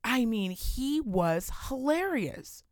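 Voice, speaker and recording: A young adult woman co-hosting a podcast in casual chat, an animated storyteller who swears freely. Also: a little high, takes it slowly, no echo, clean studio sound. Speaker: podcast co-host.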